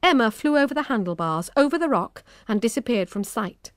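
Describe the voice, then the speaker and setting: A woman with a British accent narrating a children's audiobook in an expressive, measured way on a close studio mic. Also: on the high side, dry recording.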